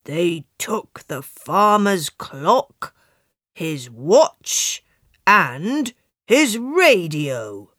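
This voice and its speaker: A kind old donkey from a storybook, played by a woman who drops her voice low and draws each word out slowly. The delivery swings up and down with plenty of life, and the recording is dry and close. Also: big pitch swings, fairly bright tone, dry recording, full character voice. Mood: angry.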